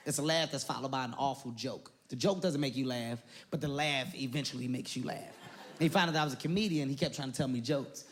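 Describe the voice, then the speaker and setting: A young man doing an animated, profane stand-up routine on stage in front of a live audience. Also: medium pitch, fairly quick. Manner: animated, loud and profane, jumps into voices. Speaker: stand-up comedian. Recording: live comedy club with audience noise.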